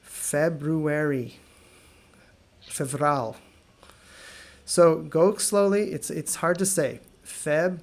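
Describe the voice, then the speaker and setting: An American man teaching an online English lesson, repeating words slowly and joking with viewers. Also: on the high side, animated, gravelly. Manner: slow careful repetition of words, friendly and joking.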